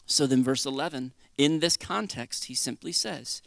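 A male preacher giving an earnest, conversational sermon with dramatic shifts between loud and quiet. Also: mid-range voice, animated, fairly quick, creaky, hardly any pauses, dry recording.

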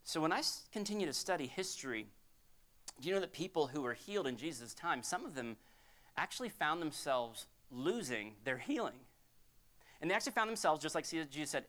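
A man's voice: high-pitched, sharp tone. A man preaching a sermon as a pastor, in a conversational, emphatic storytelling way.

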